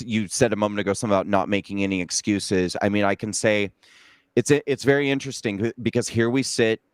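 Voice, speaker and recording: A man hosting an interview, talking earnestly with many halting restarts. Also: lowish voice, clear, resonant tone, no room sound. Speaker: interviewer and host. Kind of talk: emotional interview talk.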